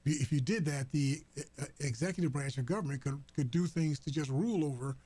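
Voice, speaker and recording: A man hosting a talk radio program, commenting on the news in a halting way, full of fillers and restarts. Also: on the high side, dark tone, breathy edge, no room sound. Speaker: radio host. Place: radio studio. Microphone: studio microphone.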